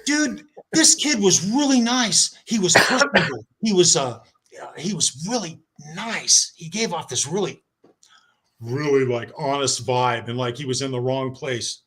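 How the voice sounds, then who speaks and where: A man with a slightly raised voice spins a long story in casual chat, bouncing between loud excitement and hushed asides. He acts out what others said and talks over a video call. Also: a little high, measured pace, slightly rough. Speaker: podcast guest.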